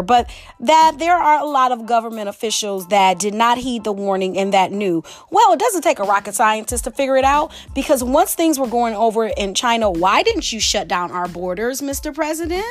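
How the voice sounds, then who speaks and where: A woman hosting a casual solo podcast, talking in a chatty, exclamatory way. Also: fairly high pitch. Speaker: podcast host.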